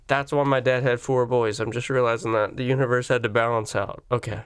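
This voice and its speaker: A man's voice: medium pitch, level tone, brisk, clean tone, no echo, clean studio sound. A man ranting on camera in a rambling, profane comic monologue, his voice jumping up when he gets worked up. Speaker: vlogger. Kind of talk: profane comedic rant.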